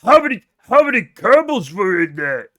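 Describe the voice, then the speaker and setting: A man voicing a dim-witted male orc from a fantasy game, asking slow, halting questions. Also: high voice, very animated, a bit bright. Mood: accusing.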